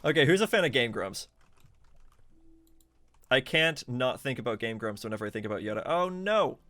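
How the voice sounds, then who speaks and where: Male game streamer, medium pitch, casual and chatty, quick to laugh and startle. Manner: chatty, laughs often, excitable reactions. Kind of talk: casual live gameplay commentary.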